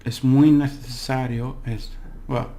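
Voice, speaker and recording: A man giving a relaxed, chatty language lesson, slowly repeating words for practice and laughing at his own slips. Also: medium pitch. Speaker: language teacher. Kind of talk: casual spoken language lesson.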